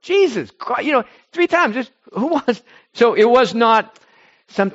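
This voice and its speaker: A man preaching informally to a small group, rambling and animated, swinging between loud bursts and soft asides. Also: high-pitched, unhurried, dull audio. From United States.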